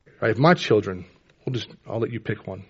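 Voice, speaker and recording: A man with children of his own, preaching a sermon in a conversational way, often asking "right?" and rising in pitch and volume when quoting scripture. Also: animated, brisk, husky, highs cut off. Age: adult with children. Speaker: pastor.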